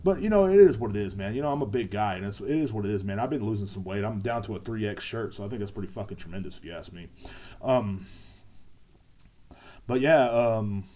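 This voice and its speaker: A man's voice: on the low side, animated, a little fast, dark tone. A man hosting a podcast, rambling casually with lots of profanity and repetition. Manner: profane, repetitive, laid-back. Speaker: podcast host.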